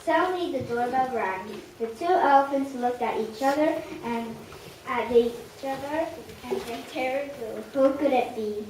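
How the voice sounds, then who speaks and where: A woman narrating a children's story aloud in an expressive read-aloud manner. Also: high-pitched, measured pace. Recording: echoey room, distant mic, faint hiss.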